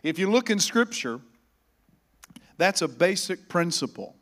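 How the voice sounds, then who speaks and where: Pastor, male, mid-high voice, sermon delivery with rising emphasis. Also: big pitch swings, unhurried. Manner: preaching, swells loud on scripture, calls congregation to repeat. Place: church.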